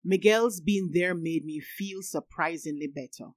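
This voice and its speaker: A woman narrates a novel in the first person with a steady, even delivery. Her voice sits on the low side. The recording is close and dry, with no room sound. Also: a little slow, no room sound. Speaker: audiobook narrator.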